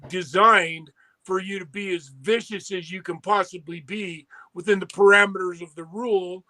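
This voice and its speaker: A man's voice: sits high, steady tone, normal speed, bright, forceful tone, low-quality recording. A man talking earnestly and at length as a podcast guest, often circling back on his words. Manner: rambling, earnest, many restarts. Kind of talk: casual talk.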